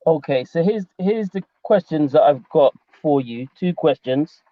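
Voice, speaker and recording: A man from London calls in to a talk show, his English accent clear through a dull, lo-fi line. His speech is polite and halting, full of fillers and restarts. His voice sits a little high for a man, and the sound is dry and close. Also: expressive, no echo. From England. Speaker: caller. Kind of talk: casual call-in conversation.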